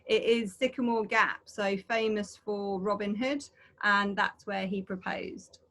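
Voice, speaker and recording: A woman's voice: mid-range voice, fairly even intonation, a little slow, bright, forceful tone. A woman co-hosting an online adventure talk over a video call, chatty and rambling, with frequent fillers.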